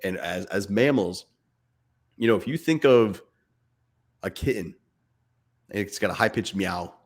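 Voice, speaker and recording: A man's voice: on the low side, animated, unhurried, slightly rough. A man in his thirties co-hosting a casual fatherhood chat, earnest and talking in bursts. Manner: earnest, speaks in bursts, imitates barking dad voice. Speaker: podcast co-host.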